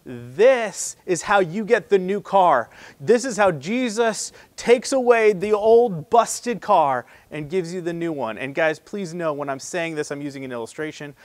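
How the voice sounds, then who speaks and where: A man preaching a sermon as pastor, talking to the congregation in a casual, conversational way, punching some phrases loudly and dropping others to a near hush. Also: high-pitched, animated, unhurried, no room sound.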